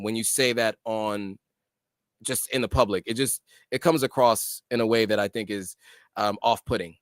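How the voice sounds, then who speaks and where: A man's voice: on the low side, a bit bright, clear, resonant tone, no echo. A middle-aged American man hosting a casual livestream, reading out viewer comments and answering them with many ums and restarts.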